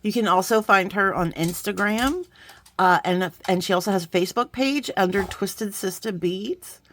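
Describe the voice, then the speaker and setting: A woman hosting a beading channel, talking casually through an unboxing with bubbly, excitable asides. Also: medium pitch, normal speed, slight background noise.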